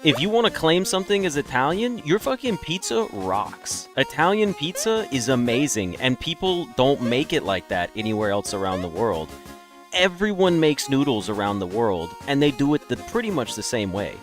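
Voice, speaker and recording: A man's voice: medium pitch, very animated, normal speed, faint music behind. A man giving casual, rambling let's-play commentary with profane, laughing asides. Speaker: gaming video creator.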